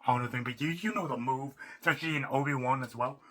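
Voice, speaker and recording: A man ranting off the cuff as a fan, rambling and excitable, restarting sentences and swearing casually. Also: mid-range voice, rapid-fire. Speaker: YouTuber. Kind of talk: unscripted fan rant.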